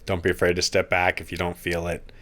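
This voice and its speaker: A man on a podcast talking slowly and earnestly about gratitude while recovering from an accident at home. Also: deep voice, completely flat delivery, fairly bright tone. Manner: slow, earnest and heartfelt. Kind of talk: reflective casual podcast talk. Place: friends' house, indoors.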